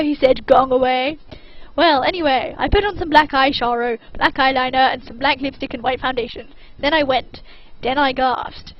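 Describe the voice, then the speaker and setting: A woman giving a deadpan, mock-serious dramatic reading of fan fiction. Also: high-pitched, moderate pace, lo-fi sound. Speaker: reader.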